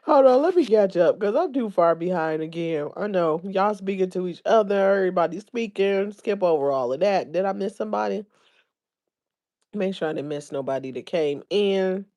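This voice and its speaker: A woman's voice: medium pitch, expressive, moderate pace, warm tone. A woman hosting a casual livestream, chatting and reading viewers' comments aloud, laughing often. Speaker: livestream host.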